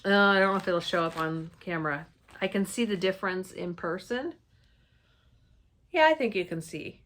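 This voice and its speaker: A woman's voice: lowish voice, normal speed, a bit bright. Chatty woman showing off cross-stitch supplies. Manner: chatty and enthusiastic, gushing over colors. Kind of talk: casual show-and-tell chat.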